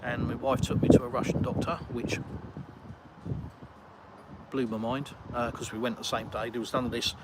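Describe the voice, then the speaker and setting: Chatty English man over loud traffic. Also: mid-range voice, flat delivery, moderate pace, pauses often. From England. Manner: chatty, rambling, reads out viewer messages. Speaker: live streamer. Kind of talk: casual livestream chat. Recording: loud street and traffic noise.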